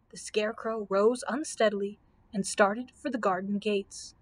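A woman's voice: mid-range voice, normal speed. Woman librarian reading a storybook aloud. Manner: clear, steady reading with small slips. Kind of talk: children's book read-aloud.

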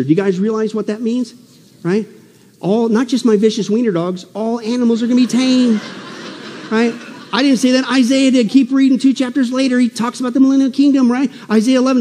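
Male preacher, high-pitched and animated, sermon in a reverberant church hall. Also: quick pace. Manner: animated, joking, swings loud and soft. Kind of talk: prophecy conference sermon.

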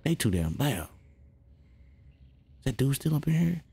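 A young man giving excitable, slangy commentary while playing a video game, talking to himself and hushing when the game gets quiet. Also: medium pitch, a little slow, vocal fry, breathy edge. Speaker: gaming video host. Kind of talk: let's-play commentary.

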